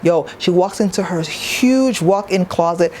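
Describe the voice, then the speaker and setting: A woman's voice: fairly low pitch, measured pace, darkish tone, slight background noise. A woman talking to camera in a casual review vlog, chatty and playful, with asides to the viewer. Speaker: TV show reviewer.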